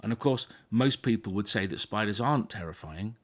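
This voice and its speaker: Patient, low-voiced man explaining. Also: animated, a little fast. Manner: patient, explanatory, checks in with "okay?"; frequent restarts and repeated words. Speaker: phobia therapist. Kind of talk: explaining to a guest in conversation.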